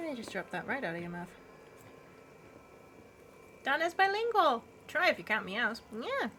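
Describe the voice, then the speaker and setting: A woman's voice: high voice, very animated, normal speed, bright, forceful tone, a little hiss or hum. Chatty, giggly woman streamer. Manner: chatty and giggly, baby-talking to her cat. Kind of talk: casual chat with stream chat.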